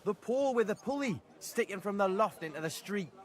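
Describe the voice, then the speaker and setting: An actor voicing a cheeky young village prankster with a Northern English accent, talking in brash, animated dialect. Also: male voice, high-pitched, a little fast. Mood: mischievous.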